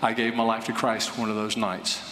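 A man's voice: fairly low pitch, monotone, a little fast, bright, forceful tone. A man preaching a sermon, telling a personal story earnestly and rising to emphatic points. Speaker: pastor. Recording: echoey hall with faint ambience.

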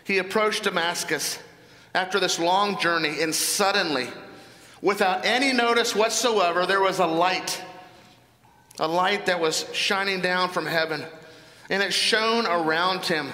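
Male pastor, earnest sermon delivery with rhetorical questions; sharp, bright tone in a reverberant hall. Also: sits high, measured pace.

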